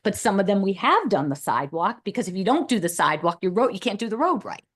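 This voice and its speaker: A woman's voice: medium pitch, very animated, fast talker, husky. A woman speaking at a town committee meeting, thinking aloud in long, looping sentences with restarts. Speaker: committee member. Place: meeting room.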